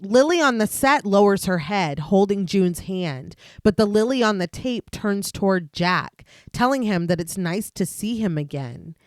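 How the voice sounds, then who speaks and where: A woman co-hosting a podcast, narrating a detailed film plot recap in a steady voice. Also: mid-range voice, a little slow, few pauses, no echo, studio quality. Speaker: podcast co-host.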